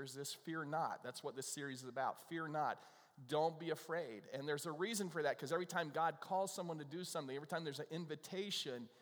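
Casual pastor preaching in a reverberant hall. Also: male voice, fairly high pitch, a bit bright. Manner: conversational, self-deprecating joke telling. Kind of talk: sermon.

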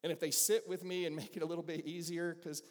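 Southern pastor preaching in a reverberant hall. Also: male voice, on the high side, level tone, fast talker. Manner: conversational preacher, asks the congregation questions. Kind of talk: sermon. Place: church sanctuary. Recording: long reverb of a large hall.

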